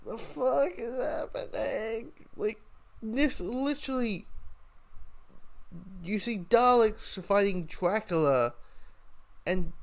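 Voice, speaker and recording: A man giving a casual, rambling spoken review of a TV episode. He restarts his sentences often. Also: fairly high pitch. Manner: rambling, lots of fillers and restarts.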